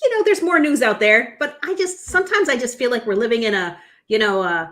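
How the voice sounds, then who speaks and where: A woman's voice: a little high, animated, a little fast, fairly bright tone. A woman co-hosting a casual chat show, rambling and searching for words, laughing often. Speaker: podcast co-host.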